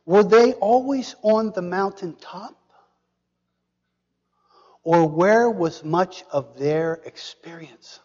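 High-voiced preacher in an echoey hall. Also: male voice, takes it slowly, long pauses, lo-fi sound. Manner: dramatic, drops to a hushed whisper for emphasis, asks the audience questions. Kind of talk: sermon.

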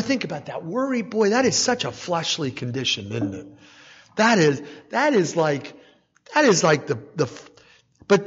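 A man giving a conversational sermon, animated, with frequent rhetorical asides and "right?". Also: sits high, breathy edge. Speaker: preacher. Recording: dull sound with long hall reverb.

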